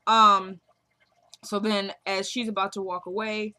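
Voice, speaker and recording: A woman's voice: medium pitch, little pitch movement, a little slow, pushed and bright. A woman recapping a TV drama episode in casual chat, retelling scenes through quoted dialogue and gushing about the actors. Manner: gushes, laughs. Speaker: TV episode reviewer.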